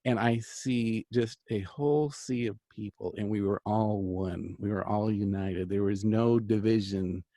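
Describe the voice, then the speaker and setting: A man's voice: fairly low pitch, steady tone, a little slow, hardly any pauses, dark tone, dry recording. A middle-aged man telling a long personal story in an earnest, rambling way, full of fillers and restarts. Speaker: host, angel card reader and healer. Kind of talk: casual storytelling chat.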